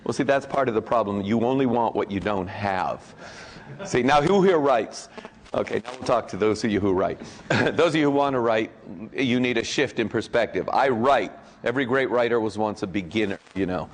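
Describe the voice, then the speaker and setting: A man's voice: fairly low pitch, slight background noise. A man giving a guest of honor speech at a convention, telling jokes and anecdotes in a rambling way, breaking off often with fillers and restarts. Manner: rambling, joking, self-interrupting with fillers.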